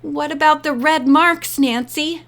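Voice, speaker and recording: A woman's voice: high-pitched, a little slow, fairly bright tone, pitched above the performer's own voice. A woman voicing a timid, frightened teenage girl model who speaks in a small, shaky voice. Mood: timid, worried.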